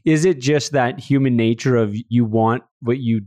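A man's voice: mid-range voice, steady tone, moderate pace, dark tone, dry recording, studio quality. A man hosting a podcast, chatting and teasing his guest in a casual interview. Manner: joking, teasing. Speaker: podcast host.

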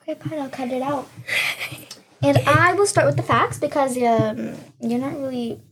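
A young woman with a high voice hosts a playful home podcast, teasing and bossing her friend around. The recording carries a clear hiss of background noise. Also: moderate pace, low-quality recording. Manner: teasing, bossy, giggly. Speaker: podcast co-host. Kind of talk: playful kids' podcast banter.

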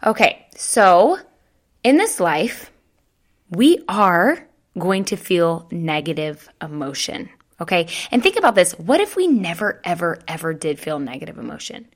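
A woman's voice: on the low side, very animated, unhurried. A young adult woman hosting a solo podcast, talking off the cuff in a chatty, conversational way, often asking "right?". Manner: chatty, conversational, frequent "you know" and "right?". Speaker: podcast host. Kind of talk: unscripted solo podcast talk.

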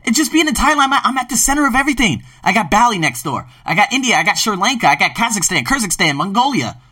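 Male podcast host, emphatic and swearing casually, lively pitch, dry sound. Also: quick pace, no echo, far from the mic. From Philadelphia, US. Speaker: podcast host and ESL teacher. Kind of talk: casual monologue.

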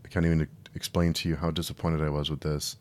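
Male podcast host, very low voice, casual exasperated film talk. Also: flat delivery, fast, a little mellow. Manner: conversational, frequent restarts, exasperated. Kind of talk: solo film review podcast.

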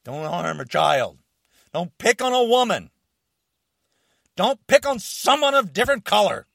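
A man delivering an angry, confrontational rant to camera, shouting and challenging his listeners. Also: sits high, big pitch swings, unhurried, vocal fry, no room sound, studio quality.

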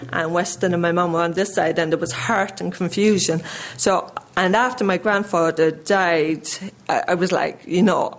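Irish woman, 30s, earnest church testimony, conversational, voice slightly shaky. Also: medium pitch. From Ireland. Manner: earnest, conversational, with many restarts. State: voice shaky with emotion. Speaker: church member giving testimony.

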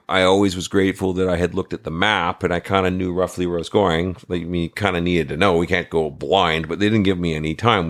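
A man with a low, deep voice spins a casual, rambling story as a podcast guest. He talks loosely, swears now and then and trips over restarts and fillers as he goes.

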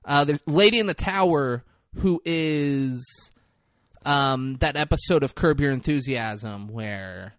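A man's voice: medium pitch, takes it slowly, fairly bright tone, no room sound, studio quality. A man co-hosting a casual podcast, animatedly retelling a movie scene by scene and swearing freely. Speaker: podcast co-host. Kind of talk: casual movie recap chat.

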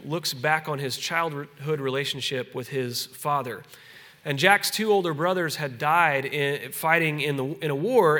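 A male pastor delivers a sermon in a friendly, talking-to-you way. His voice is bright and slightly higher than most men's. He slows and softens on the weighty lines. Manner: conversational preaching that drops soft and slow on solemn points.

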